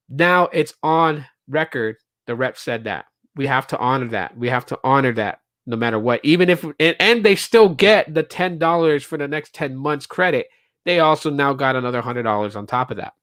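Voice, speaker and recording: The podcast host, a man, speaks at a normal speed in a fairly high, fairly bright voice. His casual solo show meanders through anecdotes with plenty of fillers and restarts, and he acts out the quoted customers and reps. The recording is dry and studio-clean.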